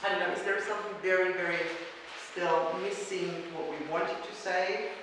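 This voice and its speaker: A woman's voice: on the low side, steady tone, normal speed. A woman giving a workshop presentation and answering questions, talking hesitantly with many restarts, recorded from far off in a large echoing hall. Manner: hesitant, restarts often, searches for words. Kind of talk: conference presentation and Q&A. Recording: echoey hall from far off with noise.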